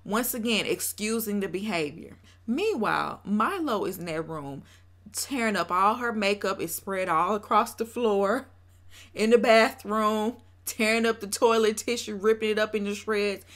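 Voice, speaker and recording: A young woman talks straight to her viewers in a blunt, opinionated recap of a reality show. She judges freely and livens up her retelling by acting out what people said. Her pitch sits in an everyday middle range. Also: moderate pace. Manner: animated, acts out quotes in put-on voices.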